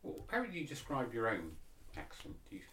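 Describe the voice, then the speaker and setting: A man interviewing someone about local words, asking gentle, hesitant questions with a lot of ums. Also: mid-range voice, wildly swooping pitch, a little fast.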